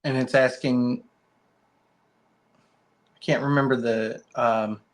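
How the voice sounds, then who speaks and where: Quiet, hesitant male student. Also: medium pitch, steady tone, slow pace. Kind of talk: answering questions.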